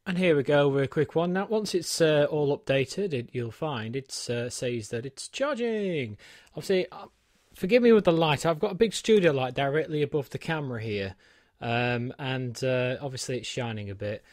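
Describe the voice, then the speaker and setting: A man's voice: mid-range voice, lively intonation, normal speed, darkish tone, no room sound. A man giving a chatty, self-deprecating walkthrough of a gadget in his small home studio, with plenty of ums. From United Kingdom. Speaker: tech reviewer. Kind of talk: unboxing and set-up walkthrough.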